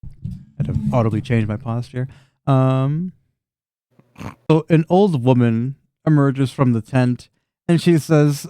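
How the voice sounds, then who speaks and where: A man runs a tabletop game in an average-pitched voice, recorded dry with little room sound. He keeps breaking into laughter and swears casually as he narrates the chaos. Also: measured pace, long pauses, clean tone, no room sound. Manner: laughs often, swears freely, animated voices for scenes. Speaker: game master.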